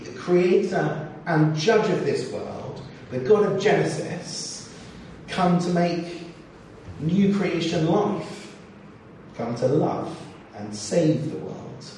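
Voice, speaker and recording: Male preacher, lively, expressive sermon delivery, roomy echo, mic at a distance. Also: fairly high pitch, a little hiss or hum. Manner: expressive, acts out scripture quotes. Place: church or hall. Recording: echoey hall, distant mic, faint ambience.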